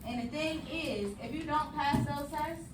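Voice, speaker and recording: A woman with a high voice teaches a noisy class, firm and commanding, calling out chants for the children to answer. She is picked up from far off by a camera mic in an echoey classroom, with a steady clatter behind her. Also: unhurried. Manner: firm, commanding, uses call-and-response chants. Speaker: elementary school math teacher. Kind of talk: classroom instruction. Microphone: distant camera mic.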